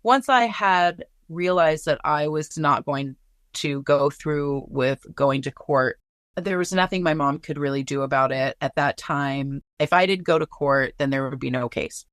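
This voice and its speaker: A woman's voice: low-pitched, measured pace, no echo, studio quality. A woman telling a painful personal story in an earnest, candid way, swearing now and then. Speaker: guest.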